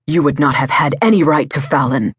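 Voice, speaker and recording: A furious young male werewolf, as a woman narrator puts him on hisses and sneers with barely held menace. His low, husky voice stays tight with desperation. The sound is dry and close to the mic. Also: brisk, dry recording. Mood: menacing.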